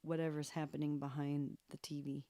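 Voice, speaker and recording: A woman's voice: low-pitched, level tone, brisk, mellow. A woman hosting a live piano request stream, chatting playfully with her viewers from a room at home and laughing at herself. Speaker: livestream piano host. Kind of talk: casual chat with livestream viewers. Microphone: studio microphone at varying distance.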